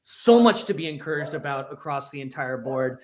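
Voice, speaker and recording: A man co-hosting a sports show in a fairly high voice, upbeat and emphatic, with quick bursts of speech. There is a faint hiss of noise behind him. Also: expressive, a little mellow. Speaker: podcast co-host.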